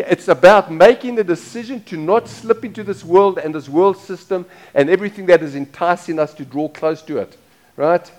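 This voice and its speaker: A middle-aged man preaching a sermon as pastor, talking casually, repeating phrases and asking the congregation questions. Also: high-pitched.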